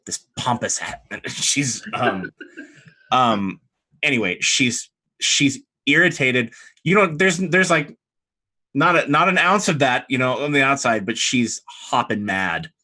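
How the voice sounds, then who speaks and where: A man running a tabletop game as its game master, bright in tone. He narrates with lively, quick asides. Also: mid-range voice.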